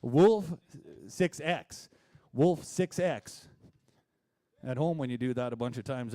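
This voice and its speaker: A man's voice: mid-range voice, steady tone, unhurried, mellow. A man from Canada working a livestock auction ring, rolling out bids in a rhythmic chant with folksy asides.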